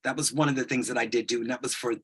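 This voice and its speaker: A man in his sixties, a guest telling a long personal story, animated and acting out the voices in it. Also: mid-range voice, rapid-fire, husky. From United States. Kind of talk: anecdotal storytelling.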